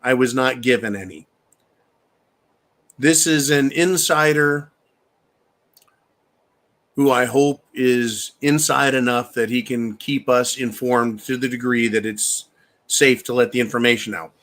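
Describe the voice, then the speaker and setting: Bright-voiced man hosting a rambling livestream. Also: medium pitch, unhurried, pauses often. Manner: loose, rambling, swears, takes shots on air. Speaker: live stream host. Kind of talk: casual political livestream talk.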